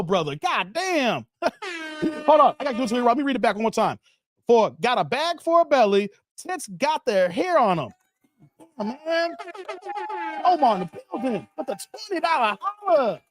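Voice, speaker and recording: A man's voice: extremely high pitch, dry recording, studio quality. A man from Chicago hosting a live stream, chatting casually and reading out viewer messages with a lot of laughter. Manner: animated, laughs often, reads viewer messages aloud.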